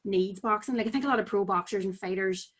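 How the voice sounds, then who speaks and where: A woman's voice: mid-range voice, fast talker. Casual chat, northern irish girl, lots of likes, just talking easy. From Tyrone, Northern Ireland. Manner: chatty, full of "like" fillers. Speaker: podcast guest, amateur boxer.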